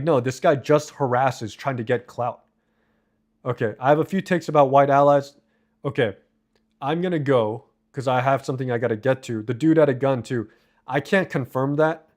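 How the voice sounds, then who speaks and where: A man's voice: mid-range voice, darkish tone. A man live streaming, reading and answering viewer comments in a casual, profane, rambling way. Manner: profane, rambling, quick asides.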